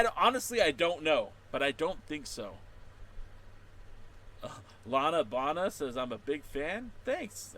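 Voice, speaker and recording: A man who podcasts and blogs about wrestling runs a playful livestream chat, reading viewer comments aloud, cracking jokes, and suddenly erupting into loud, excited outbursts. His pitch sits in the middle, and a faint hiss or hum runs underneath.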